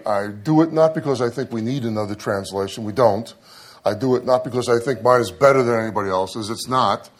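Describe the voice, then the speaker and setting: A middle-aged man preaching a sermon, telling a humorous personal story with dry asides before turning to scripture. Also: lowish voice. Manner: storytelling, animated when quoting himself, dry asides.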